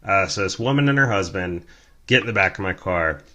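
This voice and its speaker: A young man hosting a storytelling podcast, telling a tale in a chatty, animated way with many fillers. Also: sits low, a little fast. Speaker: podcast host, rideshare driver.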